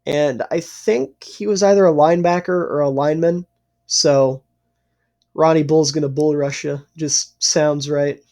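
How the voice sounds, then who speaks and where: A man from the East Coast of the US, chatting on a podcast recorded over a call. He talks earnestly and explains things at length, in a voice a little higher than most men's. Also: steady tone, a little slow, a little mellow. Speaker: podcast host. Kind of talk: casual podcast chat. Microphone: remote call.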